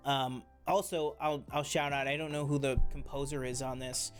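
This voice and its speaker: A man's voice: mid-range voice, steady tone, moderate pace. Chatty man with faint music behind. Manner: enthusiastic, rambling with many fillers and restarts. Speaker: co-host of a TV review show. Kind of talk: casual review chat.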